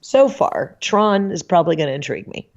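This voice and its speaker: Chatty woman telling lively stories with laughs. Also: fairly low pitch, a little fast, lo-fi sound. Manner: chatty, laughs often, animated storytelling. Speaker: podcast guest, author. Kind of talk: casual chat.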